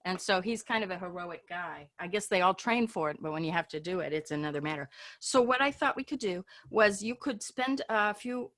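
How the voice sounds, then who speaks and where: A woman's voice: fairly low pitch, lively intonation, brisk, a bit bright. A woman teaching an online English class, talking in a chatty, informal way and often trailing off and restarting.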